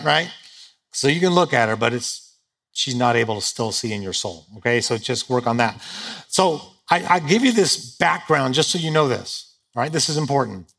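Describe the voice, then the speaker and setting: A man's voice: mid-range voice, creaky, fairly bright tone. A man preaching a sermon to a live audience in a humorous, conversational way, joking at his own expense. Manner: humorous, conversational, self-deprecating. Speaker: pastor. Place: stage before a live audience.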